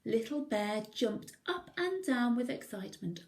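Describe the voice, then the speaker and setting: A woman teacher reading a picture book aloud to young children, gently pointing out the pictures. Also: on the low side, measured pace, hardly any pauses. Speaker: primary school teacher.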